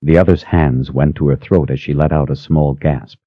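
Deep-voiced male audiobook narrator. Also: fairly even intonation, moderate pace, few pauses, no room sound. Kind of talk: scripted narration. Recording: slightly muffled dry recording.

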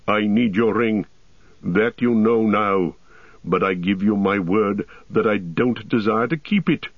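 A man's voice: medium pitch, gravelly, breathy edge, dry recording, exaggerated voice. A man voicing a proud, volatile tall warrior who speaks in an impassioned, declamatory way. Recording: dull, dry audiobook recording.

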